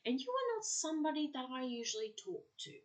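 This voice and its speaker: A woman's voice: high voice, big pitch swings, quick pace. A woman hosting a solo podcast, ranting and lecturing with exasperation, tagging lines with a pointed "okay?". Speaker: podcast host. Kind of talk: solo monologue to listeners.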